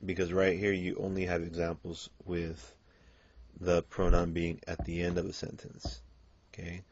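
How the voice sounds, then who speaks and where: A man's voice: low-pitched, monotone, moderate pace, darkish tone. A man teaching a Spanish grammar lesson in English, explaining patiently with frequent "okay" and "um". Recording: dull lo-fi lecture recording.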